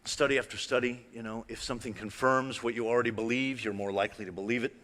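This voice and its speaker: Male illusionist presenter, bright tone, chatty and playful with a live crowd, big reverberant hall. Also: mid-range voice, steady tone, quick pace. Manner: conversational, playful, asks the audience questions. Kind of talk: live stage talk with demonstrations. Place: large hall with live audience.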